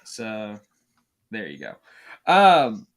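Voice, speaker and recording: A man's voice: lowish voice, wildly swooping pitch, drawn-out words. A man co-hosting a podcast in casual chat, opinionated and swearing freely. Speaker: podcast co-host.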